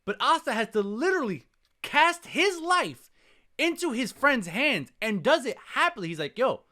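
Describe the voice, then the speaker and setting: A man on a casual podcast, telling a story in an animated way with casual swearing. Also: very high-pitched, normal speed. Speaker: podcast co-host.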